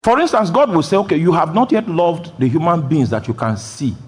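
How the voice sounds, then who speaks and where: A man preaching a sermon, jumping from loud shouted quotations down to quiet, low explanation. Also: lively intonation, fairly quick, husky. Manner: bursts into loud shouted quotes, then drops low. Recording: long hall reverb.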